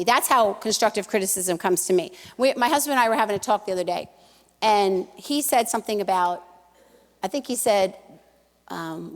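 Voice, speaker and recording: A middle-aged woman talks to a church gathering in an easy, storytelling way, often breaking off into asides and starting sentences over. Her voice sits at an ordinary pitch, and a long hall reverb trails behind every phrase. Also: lively intonation, moderate pace, long pauses. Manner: chatty, storytelling, frequent asides and restarts. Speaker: women's speaker at a church. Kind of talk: conversational church talk.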